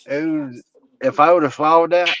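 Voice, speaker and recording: A man's voice: a little high, fairly even intonation, normal speed, a bit bright, slight background noise. Swearing man telling a funny story. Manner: laid-back, swearing, amused. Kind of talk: profane casual storytelling. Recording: slightly muffled, dry.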